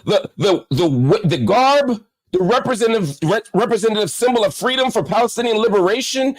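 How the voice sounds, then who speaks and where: A male host in impassioned commentary, his voice sitting a little high and swinging widely in pitch. He hammers his points home by repeating phrases, like a preacher building toward a peak. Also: lively intonation. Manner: heartfelt, slower, subdued.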